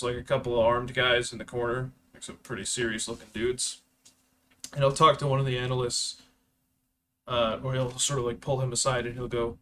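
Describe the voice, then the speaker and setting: A man's voice: medium pitch, level tone, brisk, a bit bright, a little hiss or hum. A man narrating as game master of a tabletop game, casually and with many fillers.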